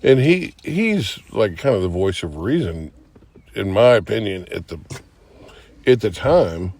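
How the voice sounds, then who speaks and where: A man's voice: fairly low pitch, sing-song, measured pace, breathy edge. A man telling a long rambling story in casual podcast chat, swearing and acting out what people said. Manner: rambling, profane, acts out quotes with sudden shouts. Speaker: podcast host.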